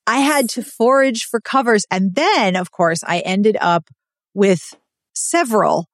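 A woman's voice: medium pitch, a little slow, dry recording, studio quality. A woman hosting a book podcast, reading a sponsor spot and chatting with playful, sardonic asides. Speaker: podcast host. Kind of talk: casual podcast chat and sponsor read.

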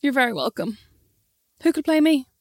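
A woman's voice: high-pitched, sing-song, moderate pace, no echo, clean studio sound. A woman co-hosting a casual chat, teasing her friend and telling stories with lots of animation. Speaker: podcast co-host.

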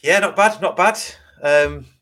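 A man's voice: high voice, measured pace. Chatty man hosting. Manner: chatty, animated storyteller with restarts. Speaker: podcast host. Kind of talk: casual chat.

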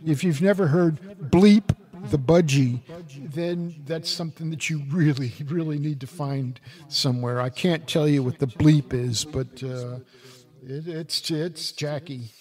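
Pria tua yang bercerita sambil banyak terputus-putus. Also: male voice, fairly high pitch, unhurried, a little mellow. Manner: rambling, many restarts. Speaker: podcast co-host. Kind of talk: casual chat and reminiscing.

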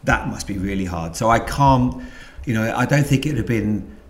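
A middle-aged man with a London accent tells stories in a low voice, full of restarts and asides. His speech is animated and casual. The sound is roomy, with echo from the room. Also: normal speed. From England. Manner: rambling, animated anecdotes with many restarts. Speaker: guest, former footballer. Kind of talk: casual storytelling interview.

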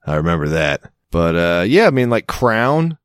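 A man's voice: low voice, very animated, brisk, clean tone, dry recording, clean studio sound. A man co-hosting a podcast, telling stories in a laid-back, teasing way. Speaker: podcast co-host. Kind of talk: casual chat.

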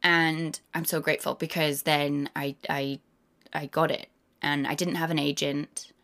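A woman in her thirties appears as a guest actor in a casual interview, speaking in a low, unhurried voice. She tells animated stories and slips into the voices of the people she quotes.

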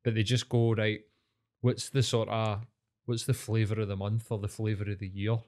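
A man's voice: fairly low pitch, flat delivery, moderate pace, a little mellow. A man with a Scottish accent co-hosting a podcast, easygoing and chuckling, swearing casually. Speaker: podcast co-host. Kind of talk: casual chat.

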